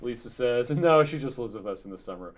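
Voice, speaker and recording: A man co-hosting a live stream, chatting casually and reading viewer comments aloud in a relaxed, quiet way. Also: mid-range voice, fairly quick. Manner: relaxed, reads chat messages in a quiet flat tone.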